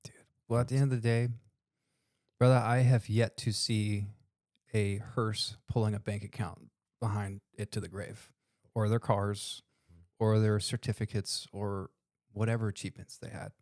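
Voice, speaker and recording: A man's voice: on the low side, level tone, moderate pace, long pauses, darkish tone, no echo, studio quality. A man co-hosting a podcast, talking earnestly about faith and calling his guest "dude" and "man". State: tearful while telling a story. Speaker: podcast co-host. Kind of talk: casual podcast conversation.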